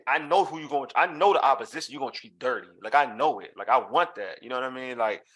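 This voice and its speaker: A man's voice: medium pitch, quick pace, a bit bright. A man hosting a casual sports talk show, emphatic and repeating phrases for effect. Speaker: podcast host.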